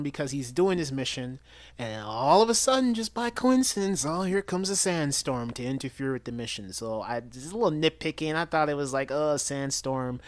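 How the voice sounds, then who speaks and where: Man, casual movie reviewer, chatty and enthusiastic, mid-pitched, dry close sound. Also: no room sound. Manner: chatty, enthusiastic, with frequent restarts and quoted lines. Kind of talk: casual spoken film review.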